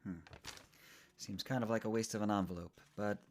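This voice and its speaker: A man's voice: lowish voice, fairly even intonation, normal speed. A man hosting his own trivia podcast in a playful, theatrical manner, swinging from upbeat cheer to mock-sheepish asides. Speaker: podcast host. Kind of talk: solo comedic trivia podcast monologue.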